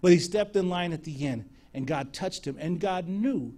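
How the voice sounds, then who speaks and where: A man's voice: sits high, normal speed. A middle-aged male preacher telling healing stories in a sermon, acting out the dialogue as he goes. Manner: animated storyteller acting out dialogue. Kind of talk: sermon testimony storytelling.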